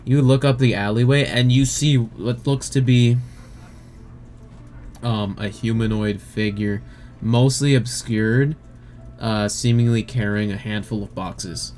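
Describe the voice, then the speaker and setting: A man narrating as game master in a relaxed, halting way. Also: mid-range voice, a little hiss or hum. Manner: relaxed, hesitant with fillers.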